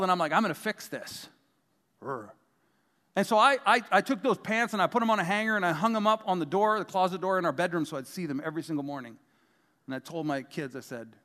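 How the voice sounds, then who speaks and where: High-voiced man preaching in a reverberant hall. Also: a bit bright. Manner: humorous, self-deprecating storytelling. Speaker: pastor. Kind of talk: sermon with personal stories.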